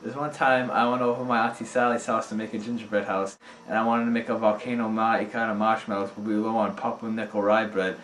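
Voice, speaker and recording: A man rattling off an improvised nonsense story in a rapid, deadpan stream of absurd events, recorded among friends. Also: fairly low pitch. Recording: echoey room from a distance, faint noise.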